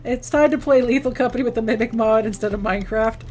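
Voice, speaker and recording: A woman's voice: fairly high pitch, quick pace, darkish tone. A woman streaming a game and chatting casually, rambling with restarts and acting out quoted lines. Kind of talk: casual live-stream chat while gaming.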